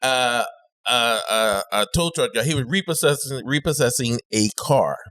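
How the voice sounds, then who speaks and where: A man co-hosting a podcast in casual chat, telling a story in an animated way and jumping into high-pitched voices for the people in it. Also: normal speed. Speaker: podcast co-host.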